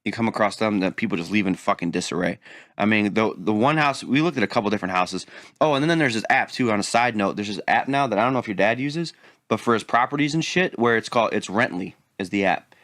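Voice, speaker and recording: Fast-talking man ranting with profanity. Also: on the low side, lively intonation, fairly bright tone, no echo, clean studio sound. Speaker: podcast co-host. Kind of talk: casual chat.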